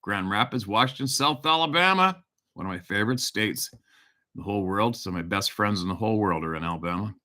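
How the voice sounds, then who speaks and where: Talking quickly in a low-leaning voice with lively intonation and a bright, forceful tone, this middle-aged man from Canada runs a casual hunting-show livestream. He reads where viewers are tuning in from and spins a profane, rambling hunting tale.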